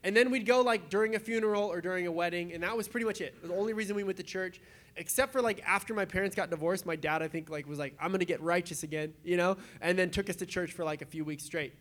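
A man with a high voice preaches in a loose, conversational way, like a pastor chatting with his congregation. He is animated, drops in quick asides and slips into acted-out voices to make his points. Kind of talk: casual conversational sermon.

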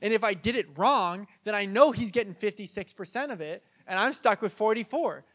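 A man preaching a sermon in a church, telling stories in a conversational, animated way and asking the congregation questions. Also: high-pitched, fairly quick. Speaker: pastor.

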